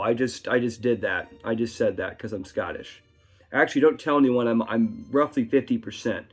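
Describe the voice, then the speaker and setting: A man talks his way through a whiskey review at home in a loose, rambling manner, pausing for asides. His voice sits at a middle pitch, recorded by a camera on a tripod. Faint classical music plays in the background. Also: slightly rough. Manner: chatty, rambling talker with frequent asides. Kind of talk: casual tasting review.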